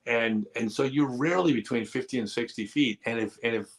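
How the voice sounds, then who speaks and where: A man with a medium-pitched, fairly bright voice hosts a live stream, answering viewer questions. His advice is candid, earnest, and casual, with occasional joking and teasing.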